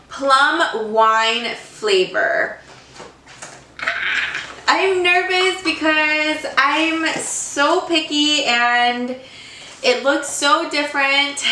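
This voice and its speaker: High, bright-voiced young woman vlogging. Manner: chatty, excitable, gushing. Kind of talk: casual snack-tasting vlog. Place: room at home. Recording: roomy sound, a bit far from mic.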